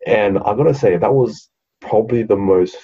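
A young Australian man with a deep, dark and husky voice tells a story in loose, rambling podcast chat, swearing often and mimicking other people. The sound is dull and lo-fi. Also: normal speed. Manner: rambling, swears freely, mocks quoted people. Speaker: podcast co-host. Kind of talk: casual chat.

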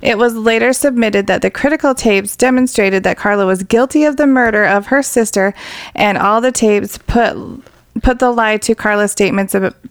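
A woman co-hosts a casual true crime podcast, and her voice is smooth and resonant. The sound is dry, with no room around it. She talks bluntly and indignantly and swears freely. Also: medium pitch, no room sound. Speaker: podcast co-host.

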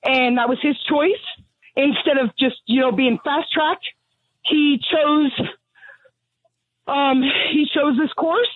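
Over a tinny phone line, a middle-aged woman calls in to a radio show, angry and blunt and out of breath from pacing. Her high voice has fairly even intonation, and she speaks slowly, pausing often, with no echo.

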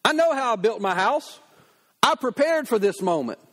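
Wise pig brother played by a man, cocky, unbothered, bold, high voice, storybook retelling. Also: sing-song, moderate pace, fairly bright tone, in a large hall, full character voice.

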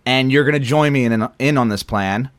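A young man chats casually as a podcast co-host. He rambles and restarts his thoughts in an easygoing way. His voice sits at an ordinary pitch and sounds dry and close to the mic. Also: moderate pace, no room sound. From Philadelphia area. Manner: rambling, self-interrupting, easygoing. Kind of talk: casual chat.

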